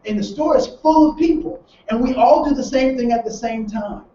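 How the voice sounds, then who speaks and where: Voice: sits high, moderate pace. A trainer in front of a live group, telling a story and voicing the people in it, often restarting mid-phrase. The sound is caught from far across a roomy, echoing space. The recording is muffled and lo-fi, with faint ambience underneath. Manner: animated storyteller who acts out the people in the story; many restarts and repeated words. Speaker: diversity workshop trainer. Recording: roomy echo from far off, dull and lo-fi.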